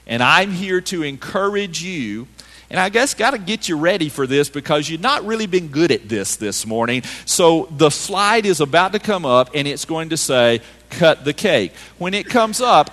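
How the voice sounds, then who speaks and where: A man preaching a sermon to his congregation, his somewhat high voice rising and falling with lively, emphatic swings. He moves from loud calls down to hushed, quiet lines. The sound carries the long reverb of a church sanctuary. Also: moderate pace. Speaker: pastor.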